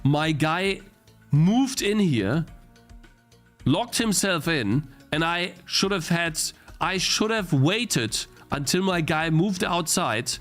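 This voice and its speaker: A man's voice: fairly high pitch, lively intonation, slow pace, fairly bright tone, soft background music. A young man streaming a game he is playing, thinking aloud, restarting his sentences and getting easily frustrated. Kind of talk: live-stream gameplay commentary.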